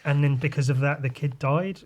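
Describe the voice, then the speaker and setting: A man's voice: a little high, steady tone, normal speed, darkish tone. Rambling, sweary podcast host guy. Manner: loose, sweary and rambling, with sighs and asides. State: voice a bit rough today. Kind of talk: casual comic walkthrough.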